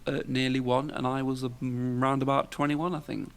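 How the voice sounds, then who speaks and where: Man, 40s, gravelly voice, podcast host, rambling casual chat. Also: mid-range voice, flat delivery, normal speed. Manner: chatty, rambling, tosses questions to co-host.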